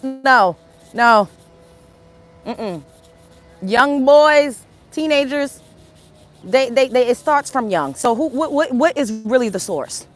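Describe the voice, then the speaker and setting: Emphatic confrontational woman, fairly high voice. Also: fairly bright tone. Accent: African American Vernacular English. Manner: emphatic, confrontational, repetitive rhetorical questions. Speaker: livestream host. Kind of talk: opinionated livestream rant.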